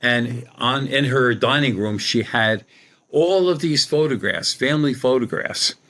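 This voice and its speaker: Middle aged guy rambling thru a story on a podcast, acts out who said what, normal pitch. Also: measured pace, a bit bright. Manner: rambling, colloquial, acts out quoted dialogue. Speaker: guest, psychic medium. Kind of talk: conversational storytelling.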